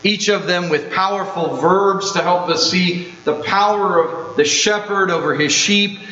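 A male pastor preaching a sermon, slow and emphatic, dwelling on repeated phrases. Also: high voice, bright, forceful tone. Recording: roomy, dull sound with mains hum.

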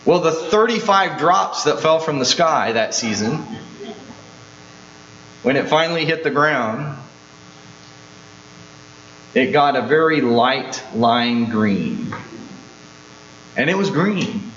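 A male pastor preaching a sermon, slow and emphatic, dwelling on repeated phrases. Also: mid-range voice, lively intonation, fairly bright tone. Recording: roomy, dull sound with mains hum.

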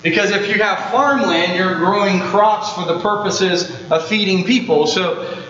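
Guy preaching slow n deliberate, kinda high voice, echoey church, dull sound with a low hum. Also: fairly bright tone. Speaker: pastor. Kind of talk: sermon.

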